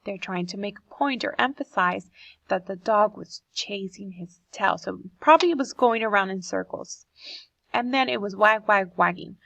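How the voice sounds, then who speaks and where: A woman's voice: medium pitch, normal speed, gravelly, fairly bright tone, no room sound, muffled recording. A woman teacher reading a poem aloud to children and explaining it, asking the class questions as she goes.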